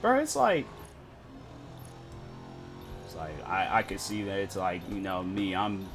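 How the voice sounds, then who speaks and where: A man's voice: low-pitched, level tone, moderate pace, fairly bright tone, soft background music. A young man chatting casually while live-streaming games, telling rambling stories full of fillers. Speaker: game streamer.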